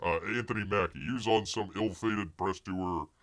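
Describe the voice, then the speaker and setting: A man's voice: sits low, normal speed, fairly bright tone, no echo. A man hosting a show, giving sarcastic, rambling news commentary full of fillers and asides. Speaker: host.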